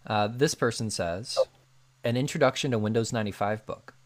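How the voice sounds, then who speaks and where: A man's voice: on the low side, fairly quick. A man co-hosting a podcast, chatting casually with lots of fillers, reading listener answers aloud. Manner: filler-heavy, laughs often. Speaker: podcast co-host. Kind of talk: casual chat.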